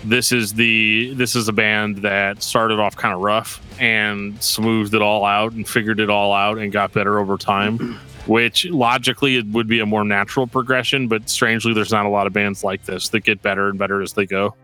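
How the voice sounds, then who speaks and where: Casual podcast host, a man with a lowish, bright voice, rambling and easygoing, faint music underneath. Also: level tone, moderate pace. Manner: laid-back, rambling with frequent fillers and laughs. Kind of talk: casual chat about metal albums.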